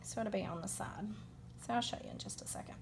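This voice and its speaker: A woman's voice: mid-range voice, very animated, fast talker, vocal fry, slight background noise. A woman with a Southern US accent giving an unscripted card-making demo, chatty and rambling as she thinks aloud.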